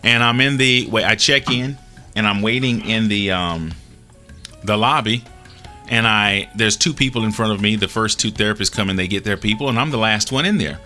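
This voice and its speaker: A man's voice: fairly low pitch, normal speed, sharp tone, soft background music. A man telling a personal story in a casual, earnest way, acting out the dialogue as he goes. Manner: earnest, retells dialogue with small restarts.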